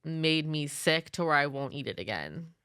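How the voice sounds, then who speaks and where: A woman's voice: deep voice, big pitch swings, normal speed, a bit bright, clear, resonant tone, no echo, studio quality. A woman co-hosting a podcast in casual chat, candid, laughing often and swearing freely. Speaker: podcast co-host.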